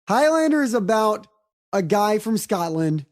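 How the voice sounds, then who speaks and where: A woman's voice: mid-range voice, sing-song, a little slow, a little mellow. A woman co-hosting a podcast, chatting eagerly and swearing casually as she retells a story. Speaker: podcast co-host. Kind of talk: casual chat.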